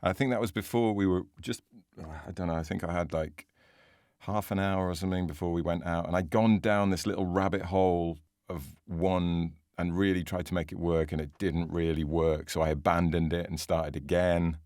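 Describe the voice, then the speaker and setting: A podcast co-host chats casually, self-deprecating and easily amused, in a low, darkish voice with fairly even intonation at normal speed. The studio sound is clean, with no room sound.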